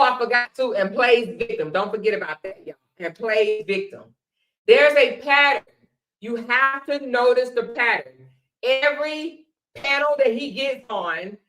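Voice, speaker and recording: A woman's voice: on the high side, fairly bright tone, low-quality recording. Sassy woman hosting a commentary show. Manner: sassy, drawn-out exclamations. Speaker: show host.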